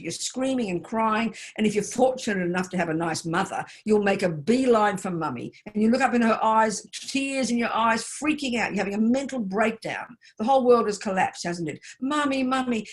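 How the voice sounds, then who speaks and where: A woman Buddhist nun giving an online teaching talk over a video call, emphatic and direct, speaking personally to her listeners. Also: on the low side.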